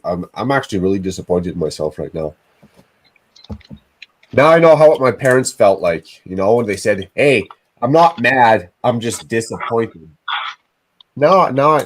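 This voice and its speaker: A man's voice: deep voice, slightly rough, rough recording. A man hosting a casual livestream, scolding himself with groans and frequent swearing. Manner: self-reproaching, groaning, swears often. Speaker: livestream host.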